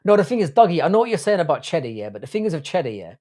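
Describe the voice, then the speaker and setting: A man's voice: fairly high pitch, very animated, rapid-fire, hardly any pauses, darkish tone. A man hosting a casual livestream chat, rambling and swearing, often restarting his sentences. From Ireland. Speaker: podcast host.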